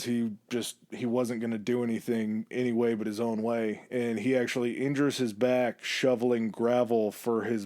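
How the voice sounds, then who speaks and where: A man hosting a podcast, telling a story in a relaxed, casual way and acting out quoted lines with shifts in his voice. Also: mid-range voice, dry recording, clean studio sound. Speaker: podcast host.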